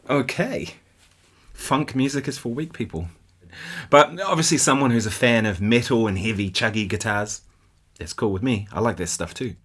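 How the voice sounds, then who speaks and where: A man's voice: medium pitch, lively intonation, normal speed, a bit bright, husky. A man from New Zealand with a New Zealand accent, hosting a guitar channel and chatting casually about viewer comments, often laughing and asking "right?".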